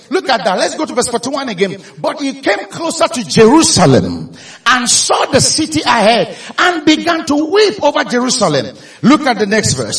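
High, lively Nigerian preacher in an echoey hall. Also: male voice, recorded from a distance. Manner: animated storytelling, rising to shouts for emphasis. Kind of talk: sermon.

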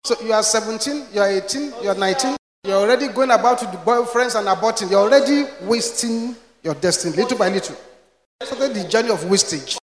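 A man preaching a sermon, telling stories with emphasis and rising to shouts. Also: sits high, fast, hardly any pauses, crowd noise. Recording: echoey hall reverb.

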